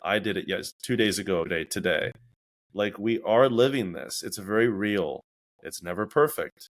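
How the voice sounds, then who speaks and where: A man's voice: fairly low pitch, normal speed. A man hosting a casual podcast, talking reflectively and acting out his own inner voices as he tells stories. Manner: reflective, animated storytelling with acted-out inner voices. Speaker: podcast host.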